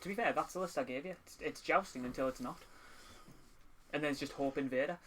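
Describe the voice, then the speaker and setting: A man's voice: a little high, quick pace, background noise. A man chatting casually with friends as he plays a tabletop wargame, laughing often and talking through his moves. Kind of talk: casual chat while playing a game.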